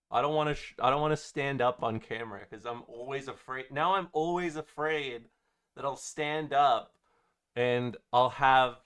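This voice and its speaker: A man's voice: mid-range voice, fairly bright tone. A young man, a streamer chatting casually to his viewers in a rambling, jokey way. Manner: rambling, jokey, talks to chat.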